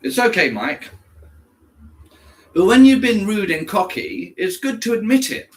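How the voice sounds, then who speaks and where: A man's voice: high voice, sing-song, measured pace. A man from England chatting casually on a live stream, answering viewers by name and slipping into German now and then. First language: English. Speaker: livestreamer reading chat.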